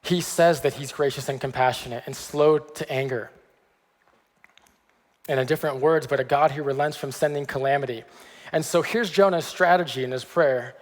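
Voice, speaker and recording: A man preaching a sermon as pastor, in a conversational way, often pausing to check in with "okay.". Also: mid-range voice, big-room sound. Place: church sanctuary.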